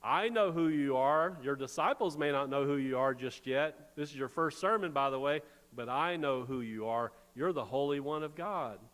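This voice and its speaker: A man's voice: medium pitch, moderate pace, few pauses, long reverb tail, natural voice. Male preacher doing a hostile possessed man, confrontational and defiant, in a sermon retelling. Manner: shouted confrontation.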